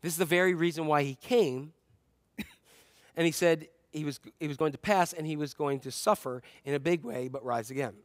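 A man preaching a sermon as a pastor, telling stories in an animated way and acting out scenes with playful humor. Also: fairly high pitch, normal speed, dry recording.

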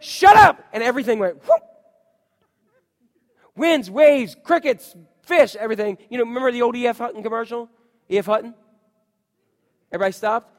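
A man preaching a sermon, telling the story in an animated way with voices, swinging from loud outbursts to hushed lines. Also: very high-pitched, long reverb tail. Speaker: pastor.

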